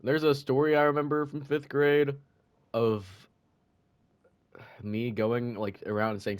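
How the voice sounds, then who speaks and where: A man's voice: medium pitch, moderate pace, a little mellow. A young man co-hosting a casual podcast, telling school stories in a laid-back, self-mocking way. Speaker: podcast co-host. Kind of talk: casual storytelling chat.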